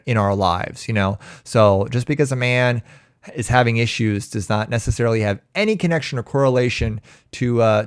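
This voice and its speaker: Male coach, mid-pitched and dry-sounding, hosting a loose live Q&A and doubling back on his phrases. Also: clean tone, no room sound. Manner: casual, repetitive restarts, laughs easily. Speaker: relationship coach. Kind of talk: live-stream Q&A.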